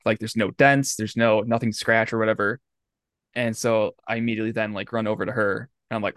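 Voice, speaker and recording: A man's voice: fairly low pitch, level tone, brisk, a bit bright, dry recording, studio quality. A man co-hosting a podcast, telling a story casually and animatedly, swearing and acting out quotes. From Michigan, US. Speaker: podcast co-host. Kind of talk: casual chat.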